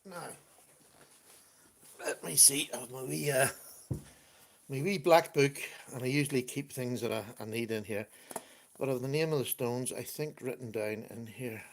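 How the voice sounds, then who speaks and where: A man at a computer at home, hosting a relaxed livestream. He talks in an easy, chatty way, laughs often, and reads out comments from viewers as they come in. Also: mid-range voice, normal speed, creaky, long pauses. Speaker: livestream host. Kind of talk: casual chat.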